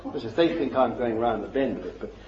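A man's voice: mid-range voice, expressive, brisk, noisy background. A man preaching a sermon in a fervent, emphatic way, repeating his phrases for stress. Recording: echoey, dull lo-fi recording.

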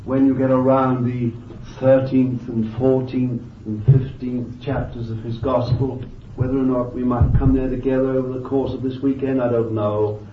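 A man preaching a sermon with fervent emphasis, moving between loud bursts and quiet asides, thinking aloud with restarts and "you see.". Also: mid-range voice, level tone, normal speed, few pauses, far from the mic, a little hiss or hum. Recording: dull, lo-fi, echoey and off-mic.

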